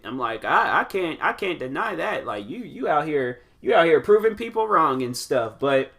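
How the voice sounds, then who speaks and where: Young man, podcast host, casual rambling chat, bright voice, slightly high pitch. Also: normal speed, creaky, few pauses. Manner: rambling, animated, lots of fillers and restarts. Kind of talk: casual chat answering questions.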